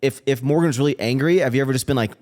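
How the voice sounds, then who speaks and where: A man's voice: medium pitch, racing, a little mellow. A man hosting a podcast in casual chat, asking teasing, joking questions. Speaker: podcast host.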